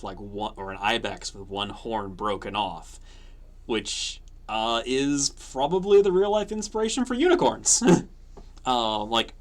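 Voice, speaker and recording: A let's-play streamer chatting casually and hesitantly about game design, with lots of fillers and giggles. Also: medium pitch. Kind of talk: casual gameplay chat.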